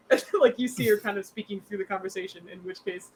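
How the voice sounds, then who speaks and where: A woman's voice: mid-range voice, a little fast, slight background noise, rough recording. A young woman narrating as game master in a rambling, filler-heavy, giggly way.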